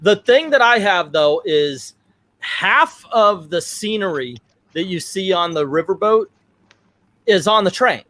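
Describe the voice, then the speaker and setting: A man's voice: high-pitched, lively intonation, a little slow, bright, forceful tone, no echo. A man hosting a casual chat, joking and stammering a little as he steers the discussion. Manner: jokey, stammers on restarts, leads the discussion. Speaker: podcast host.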